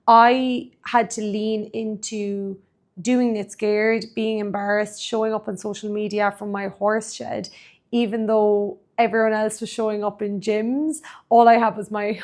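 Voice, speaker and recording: A woman podcast host and coach speaking in an emphatic motivational monologue, repeating phrases for rhythm. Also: a little high.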